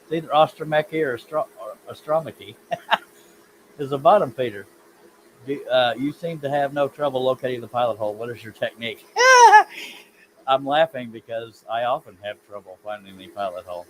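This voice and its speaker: A man's voice: mid-range voice, brisk, slight background noise, low-quality recording. A man hosting a casual woodworking live stream, rambling in a self-deprecating way and reading chat comments aloud from his home workshop.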